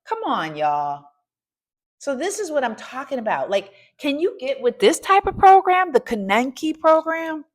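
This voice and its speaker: A middle-aged American woman coaching and hosting, talking in an energetic, preachy and casual way, dropping in "y'all" and swinging from soft asides to loud exclaiming. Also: high-pitched, a little slow. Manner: casual colloquial speech with "y'all" and "ain't". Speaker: coach and podcast host. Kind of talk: energetic motivational talk.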